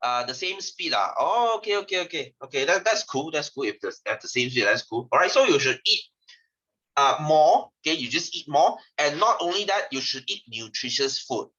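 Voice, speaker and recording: A man with a Malaysian English accent gives a joking science lesson, his voice bright and his pitch jumping all over. He teases the class and laughs between points. The recording sounds dull and lo-fi. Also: moderate pace. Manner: animated, teasing, laughs often. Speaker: science tutor.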